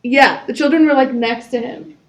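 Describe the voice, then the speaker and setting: A woman's voice: sits high, moderate pace. A young woman co-hosting a casual podcast, animatedly telling a story from her job and quoting the people involved. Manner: animated storytelling with quoted dialogue. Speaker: podcast co-host. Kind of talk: casual chat.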